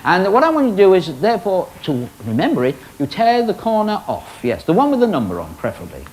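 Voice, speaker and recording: A man's voice: high voice, quick pace, low-quality recording. A man hosting a magic show, bantering in comic stage patter before a live audience. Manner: teasing, animated showman banter. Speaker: magician host. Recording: studio audience laughter and noise.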